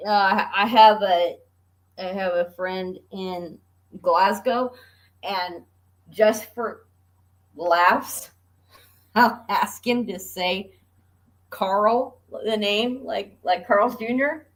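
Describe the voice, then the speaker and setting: A woman's voice: medium pitch, extremely slow, long pauses, rough recording. A woman chatting casually on a livestream, easygoing and giggly, explaining things patiently.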